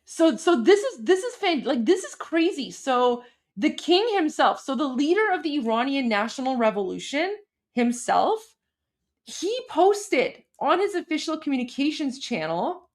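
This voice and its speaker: A woman's voice: high voice, sing-song, unhurried. A woman from Iran giving casual political commentary, chatty and reacting to clips and comments.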